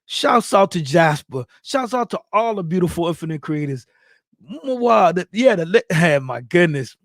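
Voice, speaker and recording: Man, high voice, dry close sound, hyped shout-outs, speech, casual livestream host. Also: animated, normal speed, dry recording. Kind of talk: casual livestream chat reading viewer comments.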